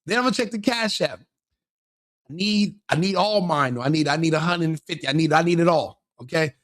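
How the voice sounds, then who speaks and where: A man's voice: a little high, brisk, a bit bright. A man hosting a live stream, commenting on a clip in a joking, mocking way.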